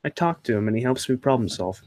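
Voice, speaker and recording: A man's voice: medium pitch, animated, fast talker, a little mellow, no room sound, clean studio sound. A young man hosting his channel, answering viewer questions in a rambling, hesitant way with many fillers and restarts. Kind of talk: casual Q&A chat.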